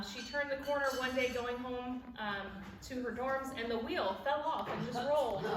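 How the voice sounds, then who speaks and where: A woman in her forties telling a personal story at a church event, laughing as she goes and acting out the people she quotes. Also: fairly high pitch. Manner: warm storytelling, laughs at her own stories, acts out quoted voices. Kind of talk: personal story with a devotional message. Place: church hall. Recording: echoey hall from far off with background noise.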